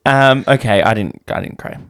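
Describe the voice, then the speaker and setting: A man co-hosting a casual film-review podcast, chatty and agreeable, quick to laugh along. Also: mid-range voice, a bit bright, smooth, no echo, clean studio sound. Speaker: podcast co-host.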